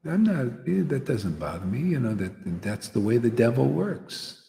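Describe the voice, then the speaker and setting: A man's voice: mid-range voice, sing-song, moderate pace, creaky, mellow. A man preaching informally to a devotional gathering, rambling and peppering his talk with "you know" and "man". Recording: echoey hall with long reverb.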